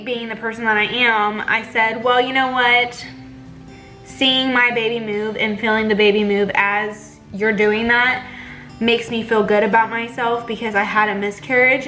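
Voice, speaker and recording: Chatty bright-voiced young woman. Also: a little high, rough recording. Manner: chatty, lots of fillers, indignant retelling. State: pregnant. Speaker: vlogger. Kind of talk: casual storytime vlog.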